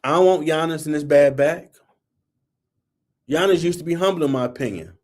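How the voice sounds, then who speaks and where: A man's voice, on the high side, at normal speed and a little mellow, fronts a sports talk show. In an opinionated rant, he scolds players and teams in a blunt, heated, colloquial way.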